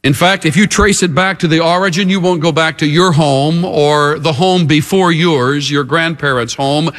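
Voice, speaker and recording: A man preaching a sermon as a pastor, emphatic and with dramatic pauses. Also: on the high side, steady tone, a bit bright.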